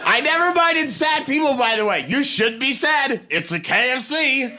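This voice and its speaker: A man from the Boston area performing a stand-up comedy set, telling stories quickly and animatedly, with bursts of shouting. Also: very high-pitched, lively intonation, slight background noise. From Boston area, USA.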